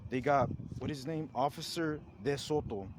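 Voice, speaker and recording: An agitated man vents a long complaint straight to camera in a middle-pitched voice. He circles back on the same points, swearing and sounding indignant throughout. Steady background noise and passing vehicle sounds sit under his voice. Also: normal speed. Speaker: vlogger filing a complaint. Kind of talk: angry rambling complaint to camera.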